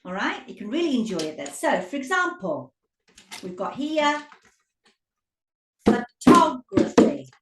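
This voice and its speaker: A woman teaching English pronunciation, drawing out words slowly and stressing syllables to demonstrate. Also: fairly high pitch, distant mic, very noisy. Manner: slow, drawn-out demonstrative speech with lively emphasis. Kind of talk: pronunciation lesson. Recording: echoey room.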